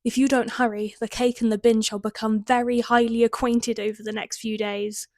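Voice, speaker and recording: A British woman voicing a teasing uncle calling for his niece, a jokey, booming storybook figure. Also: little pitch movement, normal speed, dry recording, studio quality, lightly acted. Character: uncle of a teen girl, loud and teasing.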